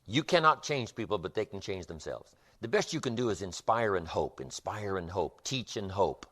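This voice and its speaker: A man's voice: low-pitched, big pitch swings, normal speed, few pauses, a bit bright. A man giving a motivational seminar lecture with an emphatic, repetitive rhythm. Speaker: motivational speaker.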